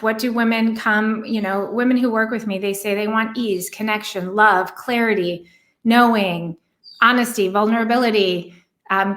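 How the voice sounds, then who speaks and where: A woman giving a relationship coaching talk, earnest and reflective, who asks many rhetorical questions and slows down to stress words. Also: medium pitch, fairly bright tone. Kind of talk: coaching monologue.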